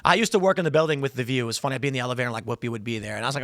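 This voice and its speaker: A man hosting a political commentary show, talking in a sarcastic, rambling way with animated asides on a close mic. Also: mid-range voice, racing, hardly any pauses, dry recording. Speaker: host.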